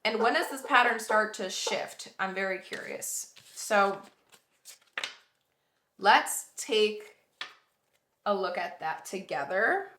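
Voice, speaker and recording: A woman's voice: medium pitch, lively intonation, slow pace, long pauses, pushed and bright, roomy sound. A woman giving a pick-a-card tarot reading, earnest and reassuring as she talks straight to the viewer, a bit sleepy. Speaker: tarot reader.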